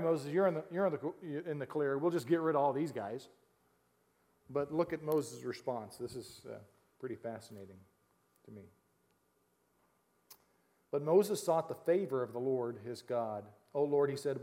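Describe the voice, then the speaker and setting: A fairly high-voiced man preaching a sermon. He reads scripture and then breaks into lively, chuckling asides to his listeners. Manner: animated, jokey asides with laughs, reads scripture then explains. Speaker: pastor.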